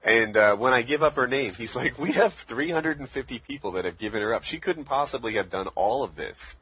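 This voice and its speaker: A man's voice: medium pitch, animated, fairly quick, bright, forceful tone, slight background noise. A young man, a podcast co-host, telling a rambling story in casual chat and laughing often as he goes. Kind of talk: casual storytelling among friends. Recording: dull lo-fi podcast audio.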